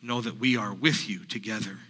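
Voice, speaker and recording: A man, a pastor, voicing a grieving woman disciple in a first-person dramatic sermon monologue, halting and repeating himself as he retells. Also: on the low side, fairly even intonation, pushed and bright, husky, low-quality recording. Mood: earnest. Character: grieving woman disciple recounting the empty tomb.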